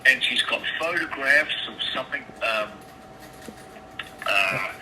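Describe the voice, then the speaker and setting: A man talks over a phone line with a steady hiss behind him. His voice is bright and lively, rising and falling a lot. He swears often and stumbles over repeated words. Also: medium pitch, slow. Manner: swears often, stammers and restarts. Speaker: caller. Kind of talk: agitated phone call. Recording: phone line with background noise.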